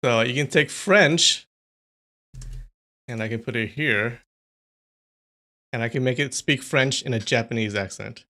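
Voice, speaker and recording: A man's voice: medium pitch, measured pace, pauses often, sharp tone. A man hosting a casual livestream, chatty and thinking aloud, laughing often. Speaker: streamer.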